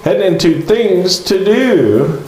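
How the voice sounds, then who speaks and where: A man co-hosting a local community news show in a relaxed, chatty way with many fillers, and he is losing his voice. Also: high voice, slow pace, over music. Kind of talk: casual live show chat. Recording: roomy echo.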